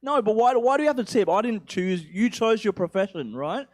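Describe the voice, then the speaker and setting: Speaking a little fast with lively intonation, a young English man in a high-pitched, darkish voice works through a profane, rambling stand-up set. He mocks himself throughout, in an accent caught between English and Australian.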